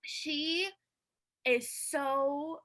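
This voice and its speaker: A woman chatting as an interview guest, her tone bright and forward, her pitch sitting a little high. She talks eagerly and earnestly, with plenty of fillers. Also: fairly even intonation, drawn-out words, rough recording. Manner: earnest and heartfelt. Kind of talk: casual interview chat.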